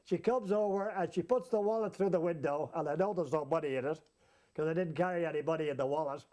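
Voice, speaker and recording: High-voiced man telling a comic yarn. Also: quick pace. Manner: lively, chuckles as he tells it. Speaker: storyteller. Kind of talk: comic anecdote told to an audience.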